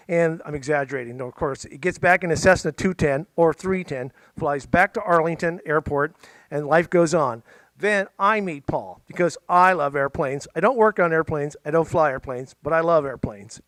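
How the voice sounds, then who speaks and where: A man's voice: a little high, moderate pace, fairly bright tone, dry recording. Chatty male storyteller, dry close sound. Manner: chatty, jokey, playful asides. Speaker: musician and storyteller. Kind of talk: casual storytelling to a library audience. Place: library event room.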